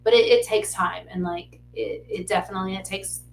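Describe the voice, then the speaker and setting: A woman's voice: mid-range voice, steady tone, fairly quick, vocal fry. Podcast co-host, a chatty woman, roomy echoey sound with a faint hum. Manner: chatty, laughs often, trails off. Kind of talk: casual podcast conversation.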